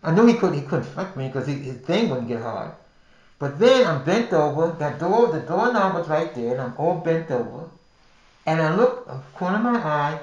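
Older man telling a wild tale. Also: high voice. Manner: animated, dramatic retelling with restarts. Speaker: podcast host. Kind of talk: personal storytelling. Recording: roomy echo.

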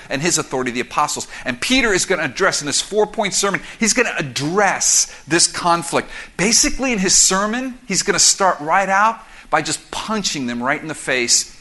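Bright-voiced animated male pastor. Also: a little high. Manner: animated, conversational storytelling with quick asides. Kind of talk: expository sermon.

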